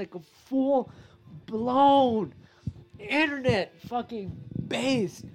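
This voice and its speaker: A young man hosts a podcast alone, rambling through stories in loose, animated chat that is full of swearing. His voice sits a little high for a man, and faint music runs underneath. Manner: profane, rambling, animated storytelling. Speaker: podcast host. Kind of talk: casual storytelling monologue.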